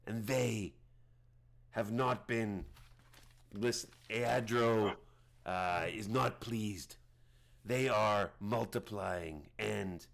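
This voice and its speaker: A man voicing a stern, distrustful female fish-folk shaman who gives drawn-out, dramatic warnings. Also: fairly low pitch, creaky, a bit bright, heavily acted.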